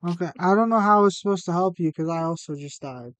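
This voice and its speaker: A man's voice: high voice, quick pace, a bit bright, no echo. Teasing young man gaming with his girlfriend. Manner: teasing, joking. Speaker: streamer's boyfriend. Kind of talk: casual gaming chat.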